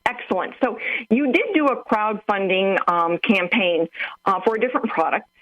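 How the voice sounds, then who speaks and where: Woman, radio co-host, upbeat, chatty, mid-pitched, dry close sound, faint music behind. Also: animated, moderate pace, a bit bright, no echo, poor audio. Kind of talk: radio interview.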